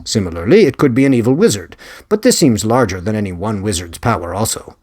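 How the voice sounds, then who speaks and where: A man's voice: lowish voice, sing-song, fast talker, a little mellow, no room sound, studio quality. A man voicing an eccentric, earnest male investigator with a faint Spanish accent, lecturing about his theories. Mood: musing. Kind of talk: audiobook character reading.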